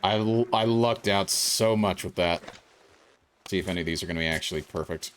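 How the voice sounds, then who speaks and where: A man's voice: low voice, a little fast, fairly bright tone, a little hiss or hum. A man born in South Africa, chatting casually and rambling as he streams a video game. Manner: rambling, chatty, reacting to gameplay. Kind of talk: casual gameplay commentary.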